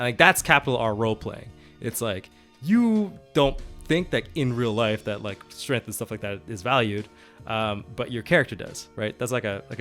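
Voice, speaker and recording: A man's voice: fairly low pitch, a bit bright. A man co-hosting a tabletop gaming podcast, rambling through his points with many fillers and restarts. He laughs often as he talks, and faint music plays behind him. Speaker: podcast co-host. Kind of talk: casual chat about tabletop role-playing.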